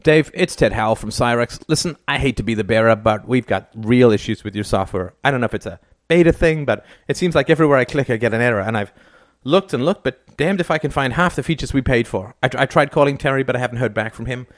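A man's voice: mid-range voice, dry recording, clean studio sound, lightly acted. A man reading an audiobook and voicing a harried male business client leaving an exasperated voicemail. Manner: rushed, exasperated complaining.

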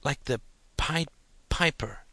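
A wide-eyed little boy of six, eager and halting, tumbling from one question to the next, as a man puts him on. The voice rides noticeably higher than the reader's own and keeps a bright, forceful edge. The recording is dry and close. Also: dry recording, exaggerated voice. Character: curious earnest little boy, about six.

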